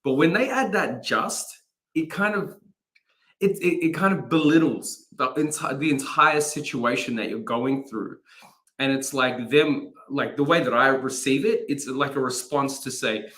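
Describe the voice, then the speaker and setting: Chatty bright-voiced man. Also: mid-range voice, unhurried. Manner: chatty and rambling, many fillers and restarts, laughs often. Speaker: chaplain leading a daily devotion. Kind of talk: casual live-streamed devotional talk. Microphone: phone or laptop mic, no studio setup.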